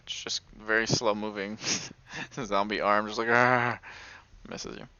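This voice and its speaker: A young man running a tabletop game, his voice on the lower side and bright and forceful. He talks in a relaxed, chatty way and laughs a lot. The recording is dull and lo-fi. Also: moderate pace, no echo. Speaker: game master.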